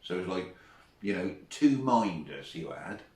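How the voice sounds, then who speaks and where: A middle-aged man recalling old school stories in a chatty, laughing way. He keeps his voice at an ordinary middle pitch. The sound is roomy and comes from some distance away from the mic. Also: sing-song, measured pace, warm tone. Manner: chatty, laughs often while telling anecdotes. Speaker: former teacher, guest. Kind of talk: casual storytelling.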